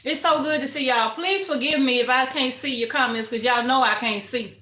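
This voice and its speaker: A woman's voice: high-pitched, fairly quick. Chatty older woman in an echoey kitchen. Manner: chatty, greets viewers warmly, frequent laughter. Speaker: homestead livestream host. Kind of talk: casual livestream chat. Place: home kitchen.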